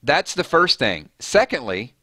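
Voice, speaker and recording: A man hosting a live fan commentary stream, animated and argumentative in a conversational way. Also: medium pitch, a little slow, no room sound. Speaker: host.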